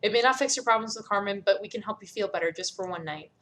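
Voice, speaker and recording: A firm, caring young team captain who talks in steady, earnest tones and pleads when she worries, as a woman voices her. Her pitch sits mid-range, just as in plain talk. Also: fast talker, close to an everyday voice.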